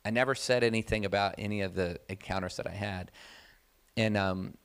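A man preaching a sermon, telling a personal testimony in a conversational, animated way that builds to loud, emphatic preaching. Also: lowish voice, brisk, clean tone.

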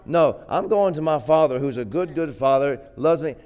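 Conversational preacher with a smooth voice. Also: male voice, fairly high pitch, normal speed, few pauses, a little mellow. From grew up poor. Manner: conversational, repeats words, builds to emphatic peaks. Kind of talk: sermon.

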